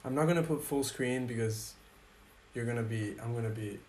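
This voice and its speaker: A man's voice: medium pitch, a little fast, darkish tone, slight background noise. A man hosting a podcast, sarcastically reviewing and reacting to a bad movie with crude, mock-reverent humor. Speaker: podcast host.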